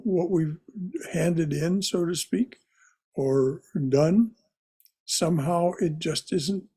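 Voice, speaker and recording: A man leading a religious study class, gentle and often repeating words as he explains. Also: a little high, breathy edge. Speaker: class teacher.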